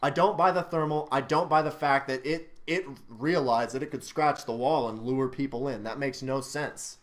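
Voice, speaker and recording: A man's voice: mid-range voice, normal speed. A young man hosting a casual film review chat, ranting with exasperated anger and plenty of swearing. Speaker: channel host reviewing a film.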